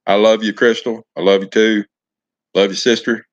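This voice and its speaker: A folksy, affectionate man talks casually to his viewers on a live stream and greets them by name. His voice sits on the low side. The audio is dull and lo-fi. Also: little pitch movement, normal speed.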